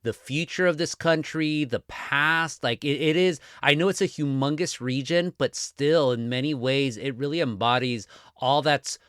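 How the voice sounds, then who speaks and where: A man from Southern California, a newspaper columnist, talking as a guest in a casual podcast conversation with a wry, animated, self-deprecating manner. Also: fairly high pitch, moderate pace, few pauses, clear, resonant tone, dry recording, clean studio sound.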